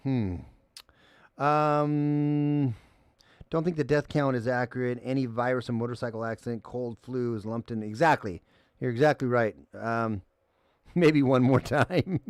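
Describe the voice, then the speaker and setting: A man's voice: mid-range voice, smooth, dry recording, clean studio sound. A man hosting a call-in livestream, ranting heatedly with profanity and reading viewer chat aloud.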